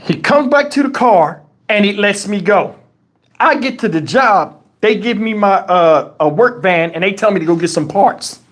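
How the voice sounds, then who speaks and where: A man with a fairly high voice tells a story live to his viewers. He is loose and profane, and he jumps into the voices of the people he quotes. It sounds like a close clip-on mic. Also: normal speed. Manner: animated, profane, acts out quoted dialogue. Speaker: livestream host. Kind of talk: casual storytelling to a live chat. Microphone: wireless lavalier.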